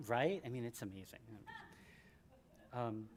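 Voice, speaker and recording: Joking man in his sixties reading aloud. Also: very noisy. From Michigan, USA. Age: 60s. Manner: animated and joking, with big swings in pitch and loudness. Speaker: author at a book event. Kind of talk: reading from his memoir to a live audience. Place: library event room.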